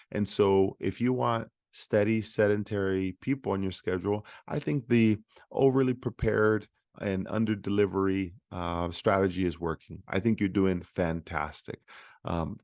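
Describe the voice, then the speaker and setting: A man's voice: lowish voice, moderate pace, darkish tone, dry recording, studio quality. A man hosting a solo podcast for physical therapists, talking in a conversational, motivational way with frequent fillers. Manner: conversational, many fillers and restarts.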